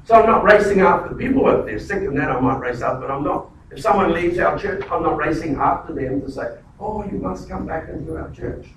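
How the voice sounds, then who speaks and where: High-voiced preacher in an echoey hall. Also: male voice, expressive, brisk, few pauses, distant mic, slight background noise. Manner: emphatic, repeats words, stumbles and restarts. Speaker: pastor. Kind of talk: sermon. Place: church.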